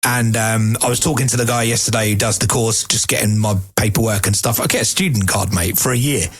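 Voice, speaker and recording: A man's voice: lowish voice, a little fast, husky, faint music behind. A man co-hosting a podcast, chatting casually with laid-back, swearing banter. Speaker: podcast co-host.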